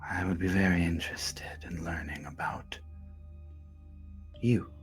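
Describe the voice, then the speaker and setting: A man voicing a sinister, cryptic god of death in a slow, menacing whisper. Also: deep voice, fairly even intonation, faint music behind.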